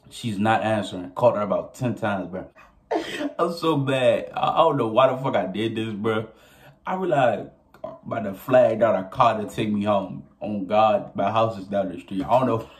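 A young man telling a story casually to his viewers, animated and profane, often laughing as he goes. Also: on the low side. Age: young adult. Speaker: vlogger.

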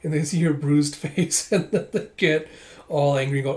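A man casually reading a manga aloud for his video, walking through the panels between the characters' lines. He is chatty and laughs often, and his voice sits a bit higher than most men's. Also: moderate pace, a little mellow. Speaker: manga reader, video host.

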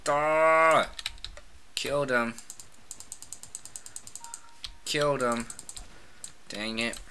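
A gamer giving casual, excitable commentary while playing a shooter, trash-talking opponents with frequent shouted outbursts. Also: medium pitch, takes it slowly, a little hiss or hum.

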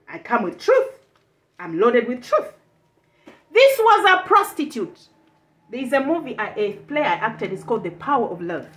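A woman preacher with a high voice that swoops up and down as she delivers a fervent sermon. She drives her points home with repeated lines and sudden shouted bursts.

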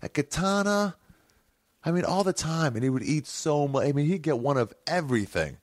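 A man's voice: on the high side, expressive, moderate pace, no room sound, clean studio sound. A man hosting a podcast, telling a long rambling story in casual, profane talk, often correcting himself mid-sentence. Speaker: podcast host.

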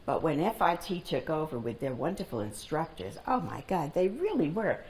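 A woman in her nineties being interviewed, telling family stories in a calm, deliberate way in a library reading room. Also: low-pitched, a little hiss or hum. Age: 90s. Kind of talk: storytelling in an oral history interview.

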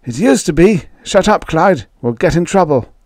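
A man's voice: fairly high pitch, lively intonation, normal speed, darkish tone, no echo, clean studio sound, pitched above the performer's own voice. A man doing a timid, jittery old farmer. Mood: hushed warning. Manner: pleading, nervous. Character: timid middle-aged male farmer, fearful.

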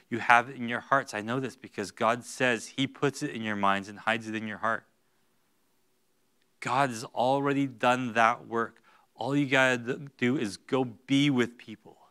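A male pastor preaching a sermon in a church, going from hushed, slow lines to loud, high-pitched bursts. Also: clear, resonant tone. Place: church sanctuary.

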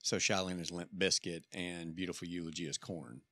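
A man's voice: low-pitched, fairly even intonation, brisk, a bit bright, no room sound, studio quality. A man co-hosting a casual talk podcast, playful and wisecracking. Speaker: podcast co-host. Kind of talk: casual chat.

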